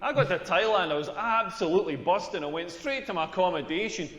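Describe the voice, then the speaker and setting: A crude Scottish stand-up comic. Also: male voice, sits high, expressive, fast, fairly bright tone. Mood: deadpan. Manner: crude, rambling, self-mocking. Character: tall crude Scottish male stand-up comedian. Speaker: stand-up comedian. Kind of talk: stand-up comedy routine. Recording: echoey hall with long reverb.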